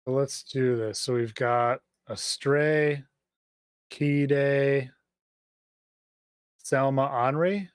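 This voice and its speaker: Slow, halting game master man. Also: medium pitch, fairly even intonation, clear, resonant tone, no echo, studio quality. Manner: halting, searching for words. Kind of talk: narrating a tabletop game.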